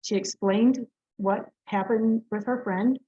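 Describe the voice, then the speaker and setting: Middle-aged woman guest, higher pitched, earnest and chatty, slightly muffled lo-fi audio. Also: fairly even intonation. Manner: chatty, earnest, lots of fillers and quick laughs. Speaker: Reiki master, guest speaker. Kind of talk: casual storytelling in an interview.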